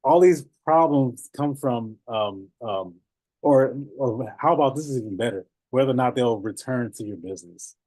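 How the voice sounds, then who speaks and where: A man coaching notaries in a casual, animated talk, laughing often and repeating phrases. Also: medium pitch, normal speed, no room sound.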